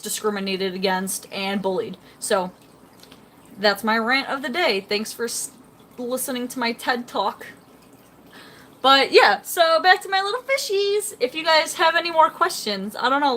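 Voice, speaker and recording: A woman's voice: on the high side, fairly bright tone, a little hiss or hum. Chatty young woman rambling on a livestream. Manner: rambling and chatty, reading out chat comments. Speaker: fish-keeping livestreamer. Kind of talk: casual live stream chat. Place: home, beside her fish tank.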